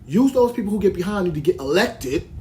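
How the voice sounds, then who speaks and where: Ranting his way through a podcast monologue, this Brooklyn host sounds brisk and expressive, his voice sitting high. He rambles heatedly and restarts often, over some background noise.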